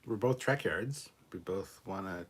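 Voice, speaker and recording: Low-voiced man hosting a livestream. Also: expressive, unhurried, slightly rough. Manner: loose, joking, thanking viewers by name. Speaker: livestream host. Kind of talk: casual live-stream chat, reading out donations.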